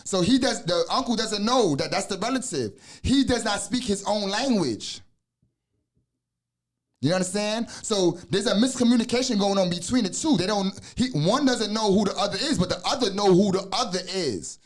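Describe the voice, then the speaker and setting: Pitched high and expressive, his voice moves briskly with hardly any pauses. He's an American podcast host in his forties whose casual, profane delivery keeps doubling back with restarts and side comments.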